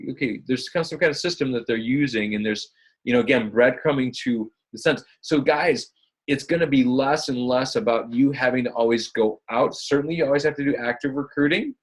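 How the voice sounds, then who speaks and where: Male coach on a live video call: upbeat, chatty, a touch husky, talks to his team as guys. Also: mid-range voice. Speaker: fitness business coach.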